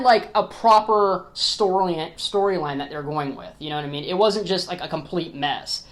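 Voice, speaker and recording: A man sounds off about a film he disliked in a loose, conversational rant. His talk is blunt and sprinkled with profanity, and he trips over and restarts his words. He keeps reaching for his viewers with "like" and "you know what I mean". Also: sits high. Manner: restarts and repeats words often. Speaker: film reviewer on his own channel. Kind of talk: casual opinion rant to camera.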